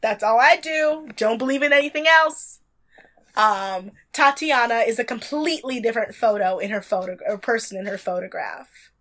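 A chatty woman co-hosting a casual recap show. She sounds wry and unhurried, and leans on words for emphasis. Her voice sits a little high. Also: fairly bright tone. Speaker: podcast co-host recapping a reality show. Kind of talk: casual chat.

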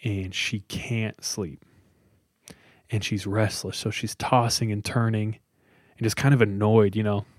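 A man with a fairly low voice tells a spooky tale in a relaxed podcast chat, slowing for dramatic pauses and filling with "like." The sound is dry and close, with no room around it. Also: dry recording. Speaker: podcast host telling a story. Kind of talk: casual storytelling.

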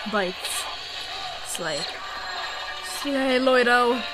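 A woman's voice: a little high, drawn-out words, poor audio. A young woman co-hosting a podcast, reacting playfully to a cartoon and slipping into silly voices. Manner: excitable, playful, breaks into silly voices and laughter. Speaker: podcast co-host. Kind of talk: casual reaction chat while watching a cartoon. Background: episode audio with music playing.

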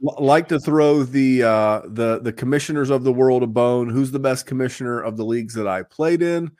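A man hosting a fantasy football podcast, chatting casually and upbeat, rambling a little as he gives shout-outs and plugs. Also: medium pitch, moderate pace. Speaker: podcast host.

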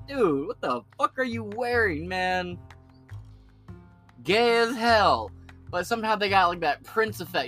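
Young male podcast host with a brassy, raised voice who tells profane, slangy stories over quiet guitar. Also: sits high. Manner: crude, joking storyteller with a lot of slang and swearing. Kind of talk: profane ranting commentary.

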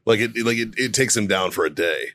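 A man's voice: lowish voice, expressive, fast talker, sharp tone, no room sound. A man hosting a podcast, chatting crudely with friends, laughing often and reading sponsor plugs. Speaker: podcast host. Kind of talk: casual profane banter.

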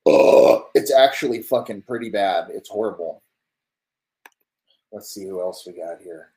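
A young man with a very low voice streams his reactions to football clips. He swears nonstop and talks loosely and casually to his viewers. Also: normal speed, a little mellow, rough recording. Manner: profane, swears constantly. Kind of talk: casual live-stream commentary.

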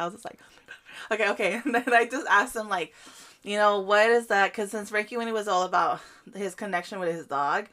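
A young woman chats casually and tells a story with a lot of "like" scattered through her sentences. She is from a Guatemalan family, and her voice sits at an ordinary middle pitch. Her storytelling is animated, and laughter breaks into it often. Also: a little fast. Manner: animated storytelling, heavy use of "like", frequent laughter. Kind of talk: casual chat.

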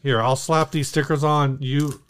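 Easygoing podcast guy, teasing his cohost, smooth clean voice. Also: mid-range voice, flat delivery, measured pace, a bit bright. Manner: easygoing, teasing, reads sponsor spots. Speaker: podcast co-host. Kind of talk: casual chat.

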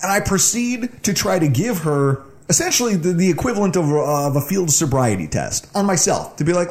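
A man's voice: high-pitched, sing-song, a little fast, few pauses, a little mellow. A man in his thirties from the Buffalo area, co-hosting a podcast and telling a funny story in a casual, laughing way. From Buffalo, New York area. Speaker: podcast co-host.

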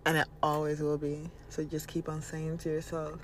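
Blunt high-voiced man giving spiritual advice. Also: monotone, normal speed, fairly bright tone, a little hiss or hum. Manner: blunt, casual, swears freely. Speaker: podcast host. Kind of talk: spiritual motivational monologue.

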